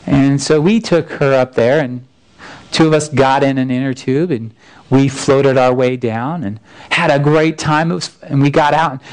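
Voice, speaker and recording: A man in his thirties tells a personal story from the pulpit with an earnest, folksy manner. He often restarts his phrases, and his voice stays smooth and clear throughout. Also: mid-range voice, fairly even intonation, normal speed, poor audio. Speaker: pastor. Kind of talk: conversational sermon storytelling.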